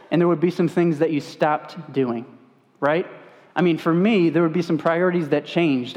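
Man, pastor, earnest sermon, fairly high voice, echoing church hall. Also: darkish tone. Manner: earnest, conversational preaching. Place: church sanctuary stage. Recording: long church hall reverb.

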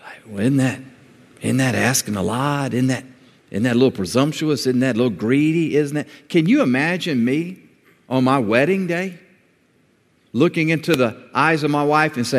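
A male pastor delivering a sermon in a church, moving from calm teaching to high, shouted emphasis. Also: moderate pace. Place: church sanctuary. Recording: long reverb of a large hall.

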